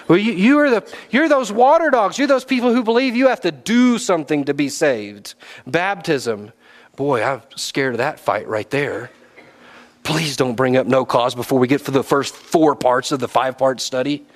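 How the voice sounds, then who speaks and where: A man preaching a sermon, swinging between loud exhortation and low, quiet asides. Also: expressive, normal speed.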